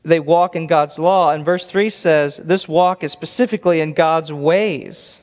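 Earnest preacher guy, a bit high voice, long reverb from a big church hall, repeats words to hit a point. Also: unhurried. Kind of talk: expository sermon.

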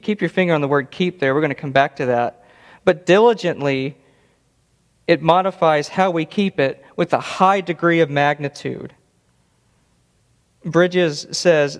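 A man preaching an expository sermon, earnest and emphatic, often repeating words for stress. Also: fairly high pitch. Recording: long reverb of a large hall.

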